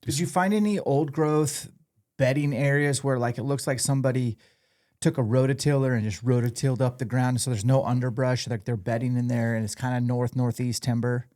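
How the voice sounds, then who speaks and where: A man's voice: medium pitch, steady tone, a little fast, a little mellow. A man hosting a podcast, interviewing a guest with direct, probing questions. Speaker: podcast host.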